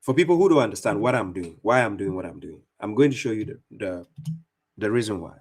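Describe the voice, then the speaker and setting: A man's voice: on the low side, lively intonation, a little fast, breathy edge. Fierce mocking male religious debater. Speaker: Islamic debater and streamer. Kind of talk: combative religious commentary.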